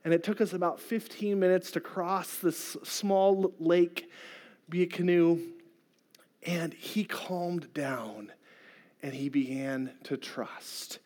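Earnest middle-aged male preacher, higher voice. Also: slow pace, darkish tone. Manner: earnest, conversational storytelling. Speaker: pastor. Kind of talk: sermon.

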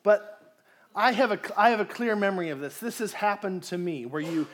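A pastor preaching a conversational sermon, asking the congregation questions and acting out people's inner voices. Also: male voice, high-pitched, expressive, a little fast, slight background noise.

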